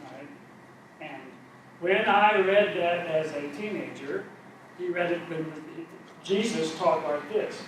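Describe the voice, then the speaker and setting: A middle-aged man leads a Bible study group in a church meeting room, teaching conversationally and poking fun at himself. His voice is on the high side and slow. The room is echoey, recorded from far off, with slight background noise.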